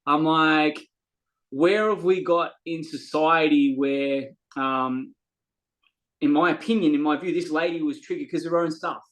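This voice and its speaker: A man's voice: a little high, fairly even intonation, measured pace, fairly bright tone, low-quality recording. A man, a guest on a podcast, talking earnestly and from the heart in a casual, story-telling way, sometimes repeating words as he looks for them. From Australia. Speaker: podcast guest, men's coach.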